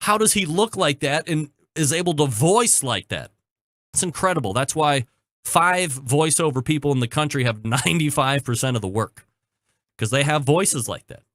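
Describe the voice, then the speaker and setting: A man hosting his own podcast, telling a story in a chatty, joking way with quick asides, then reading a sponsor spot. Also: a little high, expressive, a bit bright, no room sound, studio quality. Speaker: podcast host. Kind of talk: casual chat and sponsor read.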